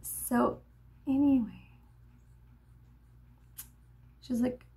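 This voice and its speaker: A woman vlogger telling a meandering story while getting ready, full of fillers and drifting into soft whispers. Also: a little high, steady tone, normal speed, gravelly, pauses often. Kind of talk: rambling get-ready-with-me storytelling.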